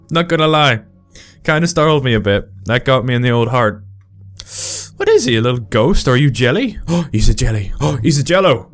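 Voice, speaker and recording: A young man giving excitable, profane commentary while playing a horror game. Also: medium pitch. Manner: excitable, swears often, shrieks when startled. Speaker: gaming video host.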